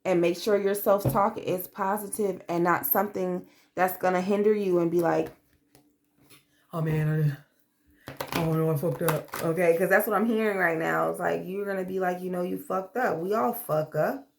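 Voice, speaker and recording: A woman's voice: on the low side, steady tone, moderate pace, creaky. A woman doing a tarot reading to camera in a blunt, profane, streetwise manner, calling the listener babe and acting out quoted voices. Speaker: tarot reader.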